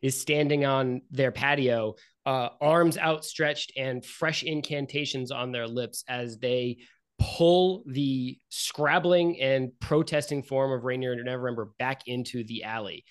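A man's voice: mid-range voice, fairly even intonation, unhurried, smooth. A man narrating as game master in a casual, rambling way, full of likes and uhs.

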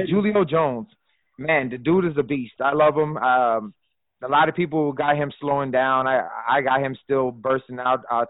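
A man of middle pitch chatting loosely on a podcast, full of ums and uhs, restarting his sentences and swearing freely. The sound is thin and phone-like. It is dry, with no room around the voice. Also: no echo. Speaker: fantasy football podcast co-host. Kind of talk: casual podcast chat.

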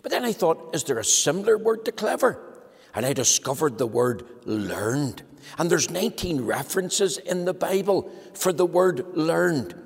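Male preacher, children's address; animated, slightly husky, reverberant hall. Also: moderate pace. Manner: animated storytelling, lively pitch.

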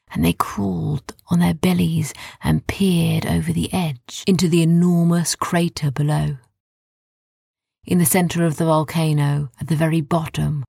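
A woman softly narrating a children's bedtime story in a hushed storytelling voice. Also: low-pitched, gravelly, no room sound, studio quality.

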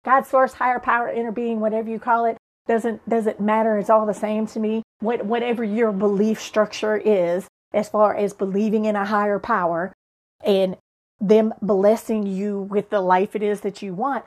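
A woman's voice: medium pitch, level tone, moderate pace. A middle-aged woman hosting a motivational podcast, preaching and swearing to her listeners in a fired-up way. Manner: fired-up, preachy, profane, talks straight to listeners. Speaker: podcast host.

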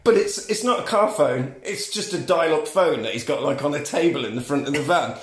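A man recapping a film for laughs as a podcast co-host, animated and crude, often laughing, recorded in an echoey room. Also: a little high, brisk.

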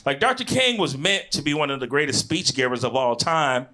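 Animated Midwestern man doing stand-up. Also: mid-range voice, fairly quick. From Chicago. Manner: animated, shouting punchlines, slangy. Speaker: stand-up comedian. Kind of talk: stand-up comedy set. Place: comedy club stage.

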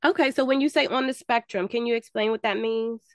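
A woman's voice: a little high, fairly quick, dry recording. Woman podcast host, casual and chatty, slightly stuffy nose, dry recording. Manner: chatty, addresses listeners as y'all.

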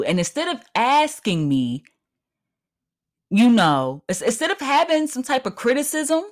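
A woman's voice: high voice, big pitch swings, normal speed. A woman hosting her own podcast, ranting in a heated, emphatic and profane way. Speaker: podcast host. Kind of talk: solo podcast rant.

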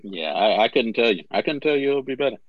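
A man in casual sports talk, speaking haltingly as he searches for names. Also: mid-range voice, expressive, dry recording. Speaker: co-host. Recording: dull lo-fi audio.

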